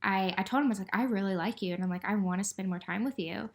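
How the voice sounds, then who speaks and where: A woman's voice: mid-range voice, rapid-fire. A young woman in her twenties co-hosting a podcast, telling a dating story in a gushing, giggly way, full of "like". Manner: gushing, giggly, heavy use of "like". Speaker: podcast co-host. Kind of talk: casual storytelling chat.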